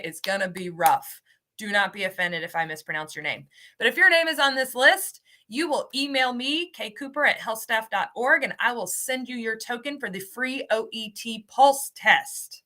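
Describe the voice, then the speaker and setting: Bright, upbeat woman hosting a webinar. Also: a little high. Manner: upbeat, cheery, stumbles over names. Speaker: host, ESL program coordinator. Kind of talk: live webinar announcements.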